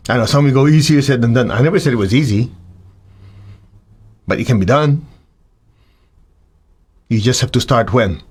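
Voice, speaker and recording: A man teaches students about spiritual practice in a lively, conversational style, speaking at normal speed with a husky voice and long pauses. He is animated, often slipping into acted-out voices of his students and himself, sometimes high and exaggerated, before returning to a calm, middle-pitched delivery.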